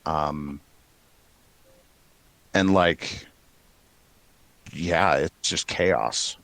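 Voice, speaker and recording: A man narrating a tabletop game as game master, relaxed and rambling with many fillers. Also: rumbling low, extremely slow, vocal fry.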